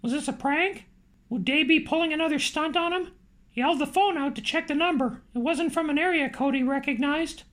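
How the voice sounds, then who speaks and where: A woman narrating an audiobook in a lively, expressive way. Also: high voice, a little fast.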